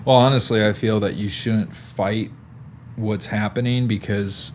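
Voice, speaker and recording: A young adult man hosting a podcast interview, telling anecdotes in an animated, casual way. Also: lowish voice, a little slow, a little hiss or hum. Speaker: podcast host.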